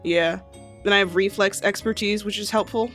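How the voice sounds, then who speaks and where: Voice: medium pitch, steady tone, moderate pace, fairly bright tone. A tabletop player casually describes a character and explains game rules. The talk wanders, with frequent ums and restarts. Faint music sits in the background. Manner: hesitant, explaining with fillers.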